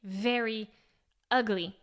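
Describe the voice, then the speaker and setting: Bright-voiced woman teaching singing. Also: fairly high pitch, fairly even intonation, slow. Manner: encouraging, demonstrating exercises. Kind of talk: instructional vocal lesson.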